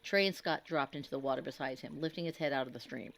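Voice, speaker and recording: A woman narrating a scripted horror story in a grave, measured, dramatic way. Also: a bass voice, steady tone, vocal fry, fairly bright tone.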